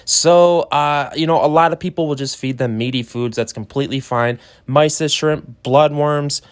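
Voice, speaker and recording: A man's voice: a little high, moderate pace, clear, resonant tone. A man hosting his own fishkeeping channel, talking in a hyped, rambling way with lots of fillers and self-mocking asides. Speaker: aquarium channel host. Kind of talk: casual vlog talk.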